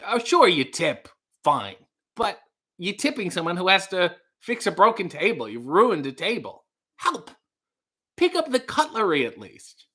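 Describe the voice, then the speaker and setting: A man hosting a comedy livestream who reads viewer comments and rambles off into quick, excitable asides. His voice is bright and sharp. It sits slightly higher than most men's.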